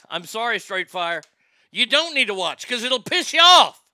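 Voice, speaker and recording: Guy ranting on his live stream, high bright voice, swears a lot, reads chat out loud. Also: sing-song, unhurried, dry recording, studio quality. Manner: ranting, profane, reads viewer comments aloud.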